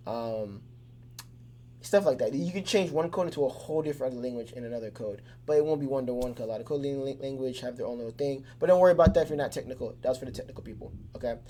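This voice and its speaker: Speaking with a warm, medium-pitched voice, a teacher walks through his subject casually, using everyday examples to keep it simple. He fills his talk with fillers and restarts, and a little hiss or hum sits under the recording.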